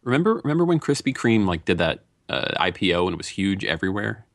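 A man's voice: sits low, very animated, fast talker, creaky, dry recording, clean studio sound. A man in casual podcast chat who tells stories with a wry sense of humor. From Connecticut.

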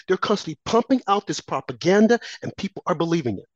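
Political commentator, impassioned monologue, animated swooping pitch, rhetorical questions, dull lo-fi sound. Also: fast, dry recording. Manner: repeats phrases and asks rhetorical questions; mocks opponents in quoted asides. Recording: slightly dull lo-fi recording.

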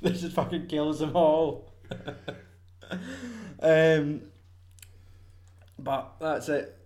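Man, young adult, casual sweary chat, laughs a lot, slightly high voice. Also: fairly even intonation, darkish tone, reverberant. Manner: sweary, laughing, quick quoting of film scenes.

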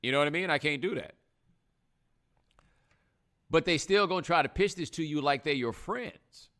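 A man's voice: a little high, normal speed. A man hosting a live stream, talking casually in slang and acting out other people's words. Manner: animated, slangy, acts out other people in quotes. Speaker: host.

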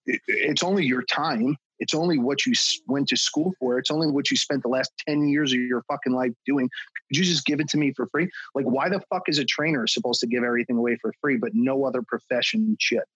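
A man's voice: medium pitch, fairly quick, few pauses, a bit bright, husky, no room sound, muffled recording. A man talking as a podcast guest, a fitness trainer who rants bluntly and swears a lot in casual chat. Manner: blunt and profane, ranting.

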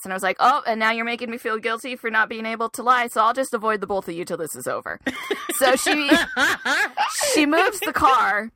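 A woman's voice: on the high side, brisk, no room sound. A young adult woman co-hosting a podcast in casual chat, telling stories with lots of laughter and acted-out quotes. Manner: animated storyteller, acts out quotes, laughs often. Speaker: podcast co-host.

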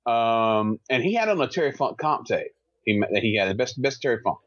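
A man's voice: medium pitch, expressive, a little fast, fairly bright tone, dry recording. Enthusiastic man, dull dry recording. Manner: enthusiastic, laughs along. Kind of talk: casual podcast chat.

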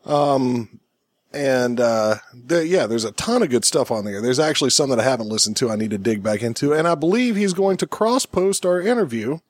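A man's voice: mid-range voice, animated, normal speed, no echo. A man in his thirties hosting a casual podcast, joking, laughing often and rambling with restarts. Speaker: podcast host.

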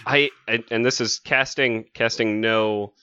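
A man's voice: medium pitch, steady tone, measured pace, pushed and bright, clear, resonant tone, dry recording, highs cut off. A man co-hosting a podcast, reacting with enthusiasm and loose, sweary talk. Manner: enthusiastic, swears and laughs freely. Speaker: podcast co-host. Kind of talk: casual comic-book podcast chat.

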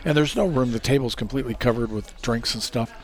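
An American man in an average pitch tells his stories easily, often laughing through them. He stumbles over restarts and fillers in a loose, conversational way. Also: quick pace. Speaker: racing safety expert. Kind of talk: casual interview storytelling.

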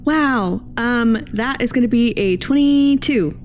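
A woman's voice: on the high side, a little slow, faint music behind. A woman playing a tabletop game, speaking tentatively. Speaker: player.

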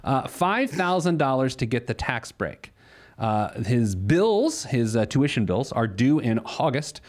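A man's voice: mid-range voice, big pitch swings, measured pace. Guy hosting a money show, rambly and jokey, voice goes up and down a lot. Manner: joking, rambling with many fillers. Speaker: host of a money advice show. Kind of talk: casual radio show banter.

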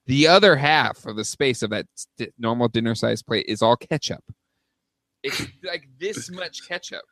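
A mid-pitched man whose voice swings up and down a lot as he chats on a podcast. The sound is close and dry, with no room in it. He tells stories and pushes back with a laugh. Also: lively intonation, normal speed, fairly bright tone, dry recording. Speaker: podcast co-host. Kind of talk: casual banter.

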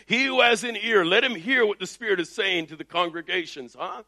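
Loud high-pitched man preaching. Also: animated, normal speed, hardly any pauses. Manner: loud, emphatic preaching with rising bursts. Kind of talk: energetic sermon. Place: Texas.

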